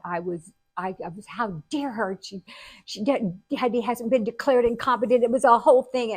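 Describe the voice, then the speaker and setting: An older woman hosting a show, telling personal stories in a casual, animated way. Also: mid-range voice, dry recording. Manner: animated, acts out quotes with laughter. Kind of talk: casual storytelling.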